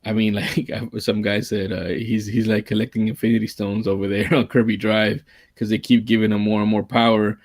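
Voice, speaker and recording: A man co-hosting a casual sports livestream, talking in long rambling runs full of restarts and a self-described monotone delivery. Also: fairly low pitch, a little fast, no room sound. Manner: rambling, restarts often, calls himself monotone. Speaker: podcast co-host.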